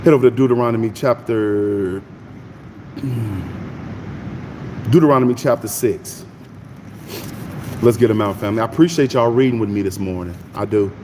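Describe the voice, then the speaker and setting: A man's voice: on the low side, moderate pace, pauses often, big-room sound, noisy background. A middle-aged man, hosting a morning Bible reading stream in a casual, folksy preaching style and greeting his viewers by name. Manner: folksy, animated, talks to his chat by name.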